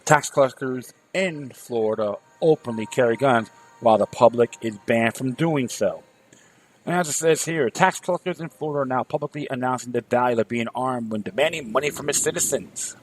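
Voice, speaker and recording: A man's voice: mid-range voice, a little fast, rough recording. A man hosting a political commentary talk show, sarcastic and fiery, rallying his listeners and repeating words as he starts sentences. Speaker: show host.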